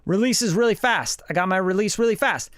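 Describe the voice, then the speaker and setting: The host's voice sits high and is fast and a bit bright, with no echo. A studio engineer leading an informal, practical lesson in his home studio, he chats conversationally while checking his vocal chain: a studio vocal mic running through a preamp and compressor.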